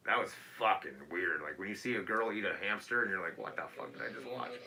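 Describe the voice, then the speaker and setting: A man in his thirties co-hosting a casual talk show, loud and crude, laughing and singing old theme songs. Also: fairly low pitch, quick pace, gravelly, over loud music. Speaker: podcast co-host. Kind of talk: casual chat.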